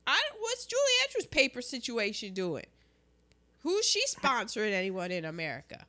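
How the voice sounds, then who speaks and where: A woman co-hosting a casual chat about a film, animated and jokey, acting out quotes as she talks. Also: medium pitch, normal speed. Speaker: podcast co-host.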